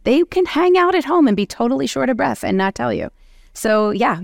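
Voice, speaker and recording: A woman moderating a medical education panel, talking animatedly and acting out quick exchanges with patients. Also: sits high, big pitch swings, creaky, no echo, clean studio sound. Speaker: panel moderator, oncology clinician. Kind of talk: continuing-education panel discussion.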